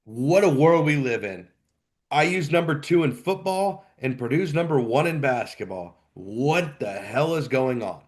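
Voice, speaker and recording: A man's voice: medium pitch, lively intonation, measured pace. A man co-hosting a live sports podcast, ranting heatedly, his voice jumping up when he gets worked up. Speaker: podcast co-host.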